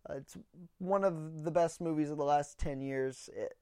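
A man's voice: a little high, moderate pace, darkish tone, clear, resonant tone, no room sound, studio quality. A man hosting a comedy podcast alone, telling a rambling story in a blunt, sarcastic way and a little out of breath. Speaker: podcast host. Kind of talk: solo comedic monologue.

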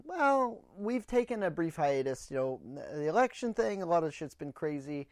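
A man's voice: fairly high pitch, big pitch swings, moderate pace, no echo, clean studio sound. A man hosting a comedy podcast alone, telling a rambling story in a blunt, sarcastic way and a little out of breath. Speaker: podcast host. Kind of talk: solo comedic monologue.

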